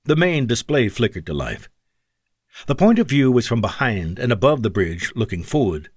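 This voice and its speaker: A man's voice: big pitch swings, moderate pace, a little mellow, slightly rough, dry recording, clean studio sound. A man narrating an audiobook, shifting his delivery for the characters' lines. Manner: shifts pitch and pace for character dialogue. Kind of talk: scripted narration.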